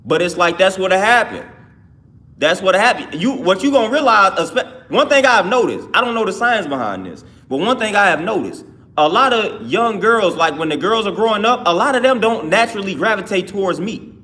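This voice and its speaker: A man's voice: high-pitched, lively intonation, normal speed, sharp tone. A man hosting a livestream, talking casually and loosely with his viewers, often restarting his sentences. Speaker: livestream host. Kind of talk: casual livestream talk answering chat.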